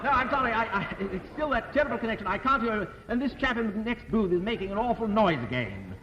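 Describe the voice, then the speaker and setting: A man's voice: sits high, very animated, fast, sharp tone, dull audio, a little hiss or hum, full character voice. A man with an English accent playing a polite, fussy businessman who stammers, in a 1950s TV sitcom. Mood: exasperated. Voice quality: stammering, genteel. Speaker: company representative.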